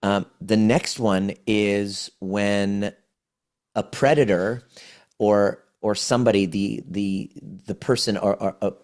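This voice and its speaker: This trauma healing coach, a man in his forties, talks slowly on a podcast interview in a fairly low, darkish voice with fairly even intonation. He's earnest in his explanations and often restarts what he's saying.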